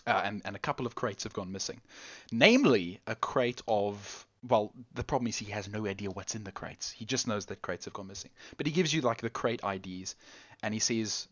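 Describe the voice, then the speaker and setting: Man, game master, halting narration, lively pitch. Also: muffled recording. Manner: halting, with many restarts and laughs.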